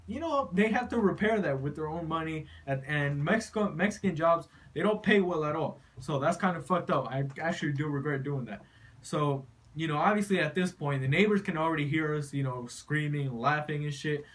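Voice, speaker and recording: A man's voice: on the high side, a bit bright. A young man telling a story casually to his viewers, rambling and profane, full of "you know" and "like.". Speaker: vlogger.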